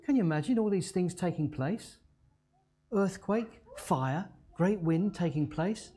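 Animated, mellow-voiced male preacher. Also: high-pitched, husky. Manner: dramatic storytelling, slows and drops to a hush on key words. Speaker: pastor. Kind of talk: sermon.

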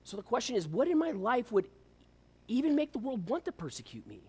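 A man's voice: very high voice, sing-song, fairly quick, a little mellow, slightly rough. A man preaching a sermon as a pastor, pressing his listeners with rhetorical questions.

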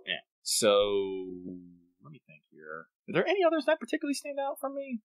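A man's voice: very high-pitched, huge pitch swings, fairly quick, no room sound, rough recording. A man co-hosting a podcast in casual, rambling chat, swearing freely and often cutting himself off mid-sentence. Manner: rambling, profane, self-interrupting. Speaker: podcast co-host.

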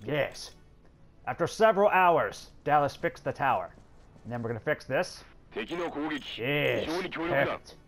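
A man doing casual let's play commentary, excitable, swearing often and talking to the characters on screen. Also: mid-range voice, a little slow, creaky, long pauses, slight background noise. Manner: excitable, swears a lot, talks to game characters. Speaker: gameplay commentator.

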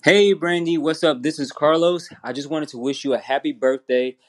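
Earnest man, birthday shout-out. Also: on the high side, normal speed, slight background noise. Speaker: fan sending a message. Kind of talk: recorded birthday message.

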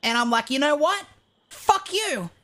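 A woman playing a brash young male outlaw, cursing through an animated roleplay story. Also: high voice, measured pace, voice pushed up, full character voice. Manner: swears constantly, animated storytelling. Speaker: roleplay streamer.

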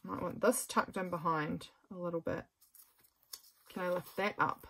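A woman's voice: fairly low pitch, steady tone, normal speed, vocal fry, fairly bright tone. A woman chatting casually to her viewers while she crafts, talking through each step with self-mocking jokes, her voice a little sore from talking. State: voice getting sore. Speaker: craft vlogger. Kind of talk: casual journal-with-me narration.

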